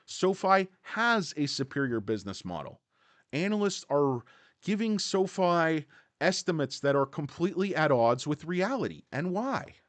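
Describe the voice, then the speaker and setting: Man, animated, sarcastic, swears, sidetracked, livestream stock talk, dry close mic. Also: fairly high pitch, normal speed, no echo. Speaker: stock market commentator. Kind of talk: casual livestream rant.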